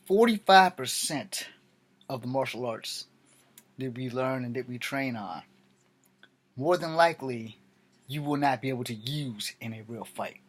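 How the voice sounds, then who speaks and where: A man's voice: mid-range voice, expressive, a little slow, pauses often. A tired middle-aged man ranting bluntly to camera late at night, rambling and swearing freely. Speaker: vlogger.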